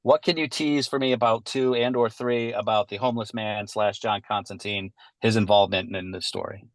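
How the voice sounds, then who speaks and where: Low-voiced male interviewer, dry sound. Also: steady tone, brisk, no room sound. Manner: conversational, thoughtful questioning. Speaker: interviewer host. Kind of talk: casual interview questions.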